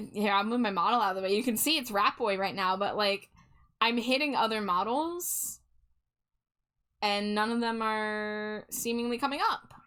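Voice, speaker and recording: A woman's voice: medium pitch, pushed and bright. A woman streamer chatting casually with her viewers while she draws, reading their messages aloud and laughing often.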